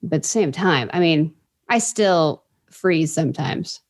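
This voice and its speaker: A woman's voice: low voice, animated, unhurried. A woman guest in a casual interview, telling quirky, bubbly stories. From Indianapolis, US. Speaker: podcast guest.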